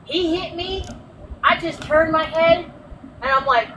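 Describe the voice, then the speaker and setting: A woman's voice: very high-pitched, a little slow, fairly bright tone, highs cut off. A woman telling brash, swear-laden stories in casual chat, acting out quotes, from inside a vehicle. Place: in a vehicle, air conditioner blowing. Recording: distant mic with road noise.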